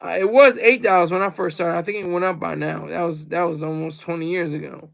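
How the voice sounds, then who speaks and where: A man's voice: a little high, steady tone, brisk, creaky. A man rambling through a casual livestream monologue, repeating himself and reading out the chat. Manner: rambling and repetitive, reads chat aloud.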